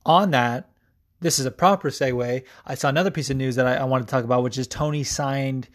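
A man's voice: mid-range voice, brisk. Rambling podcast guy, casual swearing. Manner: rambling, frequent ums and restarts, swears casually. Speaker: podcast host. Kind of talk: casual commentary on sports news.

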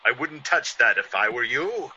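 A man's voice: mid-range voice, big pitch swings, normal speed, pushed and bright, husky, full character voice. An actor playing a man who acts out a vengeful ex-convict, in theatrical 1940s radio acting. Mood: menacing. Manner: theatrical, menacing in the scene within the scene. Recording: dull lo-fi old radio recording.

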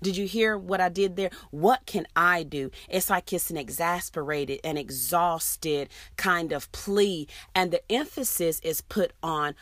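A woman's voice: lowish voice, unhurried, hardly any pauses, no echo. A woman, giving an earnest, emphatic motivational talk to fellow teachers. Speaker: educator addressing teachers.

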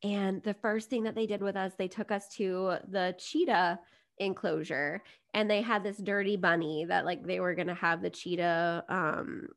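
A woman's voice: lowish voice, steady tone, normal speed. A woman, a business coach chatting as a podcast guest, upbeat and digressive. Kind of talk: casual podcast conversation.

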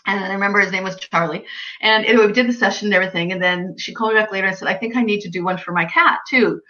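A woman's voice: racing, highs cut off. A woman guest, an animal communicator, telling anecdotes in a casual chat and acting out the people she quotes. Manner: animated storyteller, acts out quoted clients and pets with pitch jumps.

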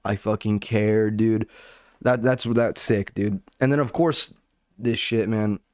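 Sarcastic young man, low and dry. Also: steady tone, slow pace, darkish tone, no echo. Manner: sarcastic, profane, says "dude" constantly. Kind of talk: casual comedic rant.

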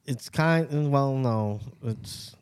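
A man's voice: medium pitch, extremely slow, a little mellow, clear, resonant tone. A man co-hosting a casual podcast, teasing his friends with loose joking banter and trailing, restarted sentences. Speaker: podcast co-host.

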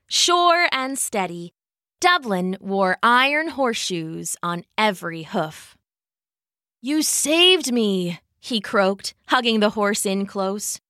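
A woman hosting a story podcast, narrating a children's story in a soft, unhurried, expressive way on a close studio mic. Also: medium pitch, no room sound. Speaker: storyteller host.

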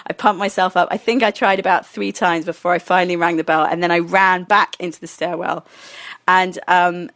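A woman's voice: on the low side, fairly even intonation, a little fast, a bit bright, dry recording. A young woman telling a personal story, laughing often mid-sentence and acting out her own past lines.

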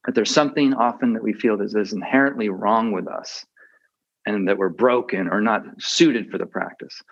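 A man's voice: lowish voice, normal speed. A man giving a reflective dharma talk as a meditation teacher. He often hesitates with fillers and restarts his sentences. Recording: dull muffled audio.

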